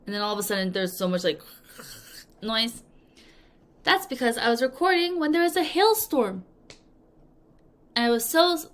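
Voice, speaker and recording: A woman teaching an English vocabulary lesson, drilling words clearly with repeat-after-me prompts and acting out examples playfully. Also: a little high, a bit bright. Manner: playful, acts out example sentences. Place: language school in Korea.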